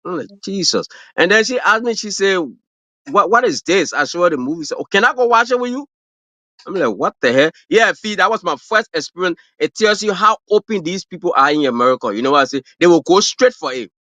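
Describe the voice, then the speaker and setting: A man's voice: high voice, lively intonation, fast, bright, forceful tone, no echo. A man from Africa with an African accent, a guest chatting casually on a livestream, rambling with lots of fillers and restarts. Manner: rambling, full of fillers and restarts, laughs at his own stories. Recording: dull lo-fi, dry stream audio.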